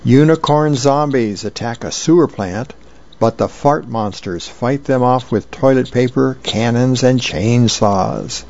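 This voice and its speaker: A man voicing an eager little boy from a comic strip, excited and earnest, heard over dull lo-fi radio. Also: medium pitch, a little slow, close to an everyday voice. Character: eager little boy showing his drawing.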